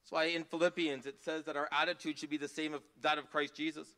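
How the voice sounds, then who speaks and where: A man preaching a sermon in a church, earnest, rising to emphatic passages and dropping to soft asides. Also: a little high, level tone, quick pace, few pauses. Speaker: pastor.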